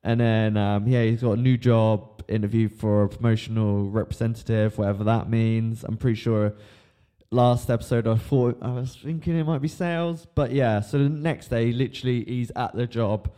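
A man's voice: medium pitch, fairly even intonation, moderate pace, warm tone, smooth. Rambling, laughing man hosting a podcast. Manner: rambling, laughing, swearing, lots of ums. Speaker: podcast host. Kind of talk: casual podcast chat.

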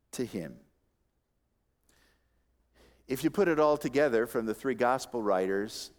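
A man preaching a sermon as pastor to his congregation, with expressive delivery that moves from soft asides to loud emphatic peaks and dry humorous remarks. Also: mid-range voice, unhurried. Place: church sanctuary. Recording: long reverb of a large hall.

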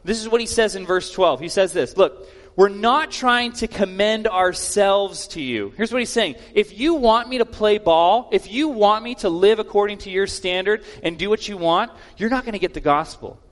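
A man's voice: high voice, lively intonation, normal speed. A male pastor giving a sermon in a plainspoken, conversational way with casual asides. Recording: long hall reverb.

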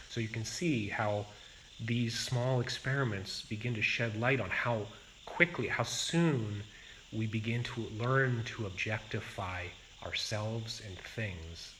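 A man teaching as a Zen teacher, his voice sitting somewhat low and his delivery very slow and reflective, leaving room between phrases. Faint crickets and insects hum quietly behind him. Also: low-quality recording. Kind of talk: dharma talk.

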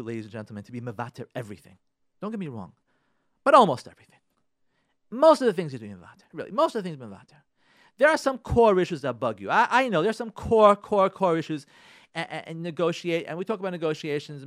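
A man gives marriage advice on the radio in a bright, high voice that jumps around a lot. He preaches with animated repetition and scatters Hebrew religious words through his talk. His delivery swings between soft pleading and emphatic bursts. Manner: animated and preachy, with repeated phrases and quick asides; sprinkles Hebrew and Yiddish religious terms. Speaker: radio show host and marriage counselor.

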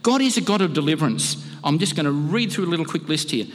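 A man's voice: fairly high pitch, animated, quick pace, long reverb tail. A man preaching a sermon in a conversational, earnest way, often restarting his phrases. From Australia. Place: church hall.

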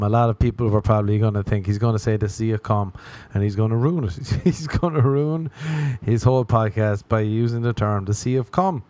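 On his own podcast, an Irish man delivers a rambling, self-mocking comedy monologue, now and then voicing his inner thoughts in character. His voice sits on the low side with a darkish tone, a little fast, and the recording is dry.

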